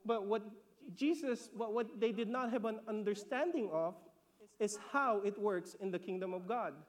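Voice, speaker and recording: A man from the Philippines preaching with a notably high voice. He talks in an animated, conversational way, repeats words as he builds a point, and checks in with the congregation. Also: normal speed. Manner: laughs between points, asks "okay?". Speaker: pastor. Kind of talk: sermon.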